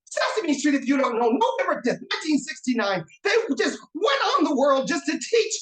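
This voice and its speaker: A man putting on a frantic male breaking-news reporter who shouts on the edge of tears. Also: extremely high pitch, big pitch swings, brisk, echoey room, pitched above the performer's own voice, exaggerated voice, poor audio. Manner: shouting, near-crying outrage.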